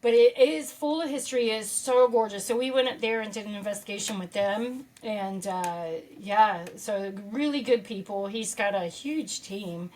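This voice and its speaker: A woman's voice: mid-range voice, moderate pace, hardly any pauses, darkish tone, poor audio. A woman guest on a podcast, chatting in a bubbly way and laughing often. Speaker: podcast guest, paranormal investigator. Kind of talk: casual chat.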